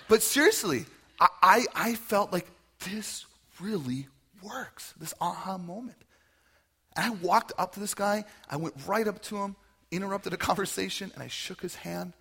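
A male pastor delivering a sermon to his congregation, his voice gravelly and a little husky. He has a bright, forceful edge. He tells stories with animation and then drops into soft, earnest prayer. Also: on the high side, brisk. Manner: storytelling preacher, animated, ends in soft prayer. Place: church service.

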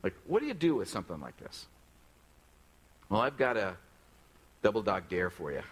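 Husky-voiced man preaching a sermon. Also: fairly low pitch, sing-song, moderate pace, low-quality recording. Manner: conversational, questions the congregation directly. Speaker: pastor.

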